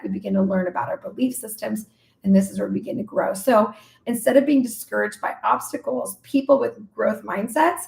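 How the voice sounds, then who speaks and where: A woman in her forties hosting a live podcast talk, teaching in an animated way and acting out her own inner questions as quoted asides. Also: on the high side, creaky. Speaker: podcast host and speaker. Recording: roomy echo.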